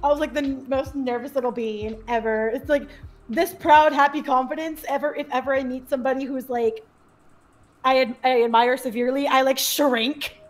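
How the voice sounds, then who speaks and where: Young woman guest on a podcast, high voice, giggly, acts out quotes, faint music under it. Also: fairly even intonation, normal speed. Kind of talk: casual storytelling chat.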